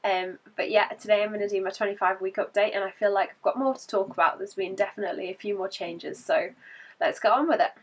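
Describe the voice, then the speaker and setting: A woman vlogger gives a casual update, her voice croaky from a cold, chatting and laughing between points. She talks fast in a mid-range voice with fairly even intonation. Sitting a little back from the mic, she sounds slightly distant.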